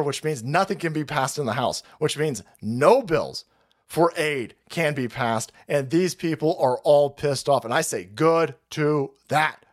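Profane ranting man, high-pitched voice. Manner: profane, sarcastic, mocking, swings into shouting. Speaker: political stream host. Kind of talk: ranting political commentary.

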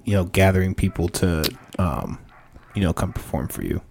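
Deep-voiced hesitant man host. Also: normal speed, gravelly, darkish tone, slight background noise. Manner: hesitant, many fillers. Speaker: podcast host. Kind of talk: casual podcast interview.

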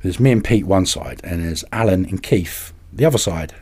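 A man, a podcast guest and carp angler, telling anecdotes in a lively way and acting out the voices of people in them. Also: low voice, moderate pace, slightly rough. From England. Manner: animated, acts out other people's voices in anecdotes. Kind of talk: casual storytelling.

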